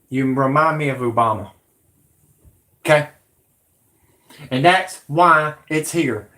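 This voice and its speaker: A man, a channel host ranting angrily at his viewers, swearing and combative. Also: medium pitch. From Alabama, USA. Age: 40s. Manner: profane, combative, shouting at viewers. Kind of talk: angry ranting monologue.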